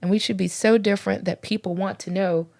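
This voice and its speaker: Her voice is mid-range and gravelly, and she speaks briskly. She's a middle-aged former pastor's wife co-hosting a laid-back faith podcast, recounting church anecdotes and performing the conversations with animated voices.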